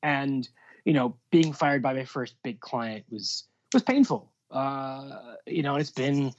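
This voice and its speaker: A man's voice: mid-range voice, lively intonation, slow. Man, music booking agent, casual interview, rambling, lots of fillers, dull lo-fi recording. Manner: rambling, many fillers and restarts. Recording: dull lo-fi sound.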